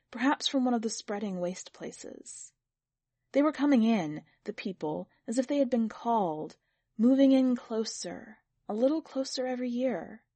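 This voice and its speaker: Woman narrator, measured reading, dry close sound, middle pitch. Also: dark tone, dry recording. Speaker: podcast editor and story reader. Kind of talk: scripted narration.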